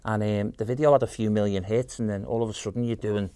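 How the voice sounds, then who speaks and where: A man's voice: fairly low pitch, fairly even intonation, fast, mellow, clear, resonant tone, no echo. A man, a guest impressionist chatting casually in a self-deprecating, storytelling way. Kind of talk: casual chat.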